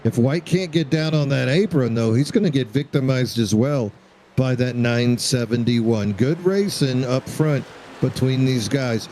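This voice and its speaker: A man's voice: medium pitch, unhurried, warm tone, a little hiss or hum, poor audio. A man doing play-by-play commentary on a sim racing broadcast, joking and bantering with his co-host.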